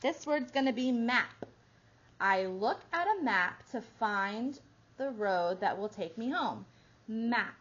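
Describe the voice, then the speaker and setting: A woman teaching a small phonics group, stretching out each sound slowly and praising the children often. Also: on the high side, animated, a bit bright. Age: adult. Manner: slow, drawn-out sounding out of words with encouraging praise. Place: classroom. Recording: dull lo-fi classroom recording with faint noise.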